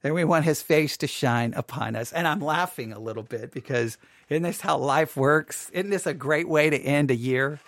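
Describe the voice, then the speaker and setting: Man, podcast bible teacher, a bit high-pitched, casual chat, solemn slow scripture reading, dry small studio. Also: fairly bright tone, dry recording. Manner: chatty and self-interrupting, reads scripture in a slow solemn cadence.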